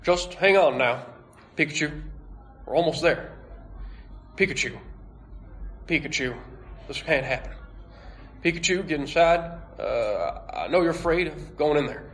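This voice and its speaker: A man doing a slow, measured politician impression. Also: on the high side, expressive, fairly bright tone. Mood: earnest. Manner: slow, halting speechmaker cadence. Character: young male trainer done as a calm, measured politician. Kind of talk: comic impression at a live script read.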